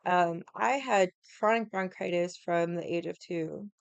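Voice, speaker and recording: A woman spins a casual, rambling story, blunt and full of swearing. Her voice sits low with a gravelly fry. The sound is dry and close. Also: unhurried, dry recording, lo-fi sound. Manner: blunt, profane, rambling with many "like"s. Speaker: vlogger.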